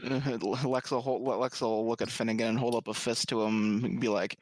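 A man's voice: mid-range voice, little pitch movement, normal speed. A man playing a tabletop game in casual chat, jokey and prone to restarting his words. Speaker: player.

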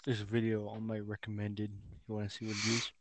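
A man's voice: lowish voice, monotone, fast talker. A young man co-hosting a podcast, teasing his friend and laughing often. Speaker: podcast co-host. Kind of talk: casual chat.

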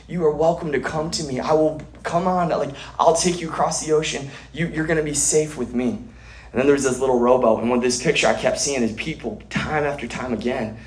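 A man's voice: mid-range voice, echoey room, poor audio. A man preaching a sermon at a church gathering, earnest, often restarting and repeating words.

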